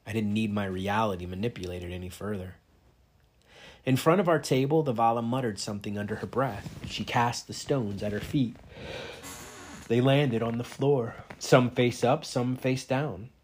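A man's voice: mid-range voice, normal speed, a little hiss or hum. A man reading a novel aloud, narrating steadily in the first person. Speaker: reader.

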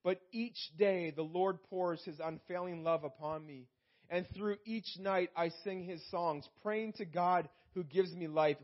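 With a high, steady voice, a pastor from Canada delivers a sermon punctuated by call-outs to the congregation, easing his pace whenever he reads from scripture. The audio has the dull, muffled quality of a lo-fi church recording.

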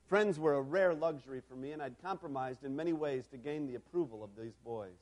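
A man preaching a sermon in a storytelling style, moving from quiet reflection to loud, emphatic calls. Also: mid-range voice, brisk.

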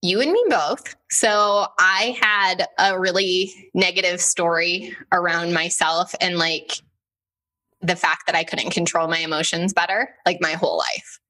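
A woman hosting a podcast in casual chat, telling personal stories with lots of "like" and an animated delivery. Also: fairly low pitch, measured pace. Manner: chatty, heavy use of "like", animated storytelling. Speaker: podcast host.

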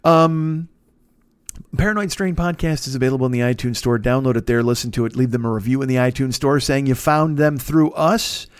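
A man's voice: mid-range voice, fairly quick, clear, resonant tone, no echo, studio quality. A man in his forties hosting a podcast from a desk in his apartment, rambling through plugs and ad reads with lots of swearing and self-mocking asides. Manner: profane, rambling, self-mocking, restarts mid-sentence. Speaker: podcast host. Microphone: desk microphone.

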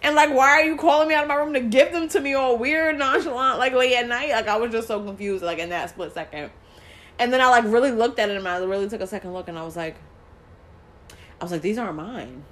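A woman co-hosting a podcast, telling a story in casual chat, animated and swearing, acting out quoted lines. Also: on the high side, quick pace. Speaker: podcast co-host.

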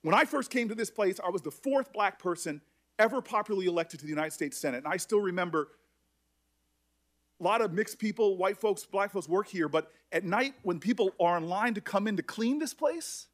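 A middle-aged man speaking at a hearing as a senator, emotional and halting, often restarting his sentences. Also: high voice, lively intonation, a bit bright. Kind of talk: emotional public address.

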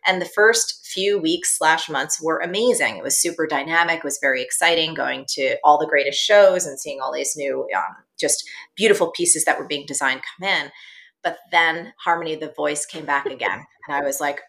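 A woman's voice: low-pitched, fairly quick, fairly bright tone. A middle-aged woman, an entrepreneur guest, telling her story earnestly and animatedly with many "you know" fillers. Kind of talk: personal storytelling in an interview.

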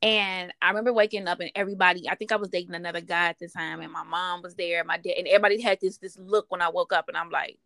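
A woman's voice: on the low side, steady tone, quick pace, vocal fry, hardly any pauses, bright, forceful tone, dry recording. A woman asking questions in a casual conversation, recounting her own experience with lots of fillers and restarts. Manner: emotional storytelling with frequent fillers.

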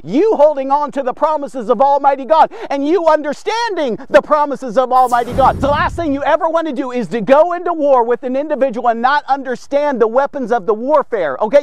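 A man with a strikingly high voice delivers a devotional sermon. The sound is dry and close, with no room around it. He preaches emphatically and keeps stopping to check in with his listeners. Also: dry recording.

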